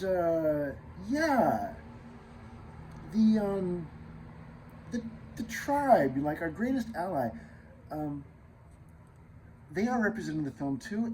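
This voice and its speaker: A man's voice: fairly high pitch, a little hiss or hum, low-quality recording. A man hosting his own channel in a casual, rambling monologue, full of fillers and restarts, sometimes dropping into muttered asides. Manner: drifts between loud and muttered asides. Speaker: channel host.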